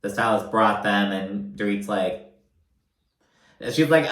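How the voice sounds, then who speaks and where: A man's voice: fairly low pitch, animated, moderate pace, a bit bright, reverberant. A man casually recapping a reality show, chatty and loose, with lots of fillers and frequent swearing. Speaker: recap commentator.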